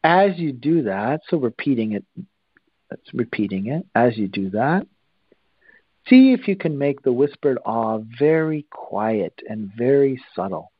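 A man guiding listeners through a breathing exercise, calm and instructive, with long pauses. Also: mid-range voice, breathy edge, no room sound, dull audio. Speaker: breathing teacher.

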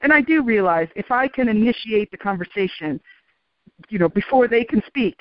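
Woman guest, relaxed storyteller, laughs easily; muffled, dry broadcast sound. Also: fairly high pitch, moderate pace, dry recording. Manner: calm, animated, laughs often. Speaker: interview guest. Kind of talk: storytelling in a radio interview. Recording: dull, dry radio sound.

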